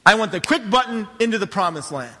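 A man's voice: high voice, big pitch swings, takes it slowly, bright, forceful tone, in a large hall, voice pushed up, heavily acted. A man preaching, voicing the complaining Israelites as a whining, pleading crowd in a sermon. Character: whiny complaining Israelites demanding easy blessing.

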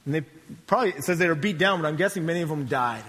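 A man pastor preaches a conversational sermon with joking asides. His voice is high and bright. A long reverb carries it through the church hall. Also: expressive, racing.

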